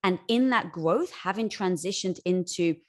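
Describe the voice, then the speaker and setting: A woman's voice: lowish voice, unhurried. A woman interview guest speaking in an earnest, encouraging way. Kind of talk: conversational interview.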